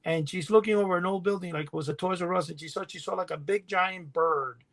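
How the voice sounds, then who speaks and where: A middle-aged man co-hosting a podcast, telling rambling stories in a casual, animated way and laughing as he goes. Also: high-pitched, fast talker. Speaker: podcast co-host. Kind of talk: casual storytelling chat.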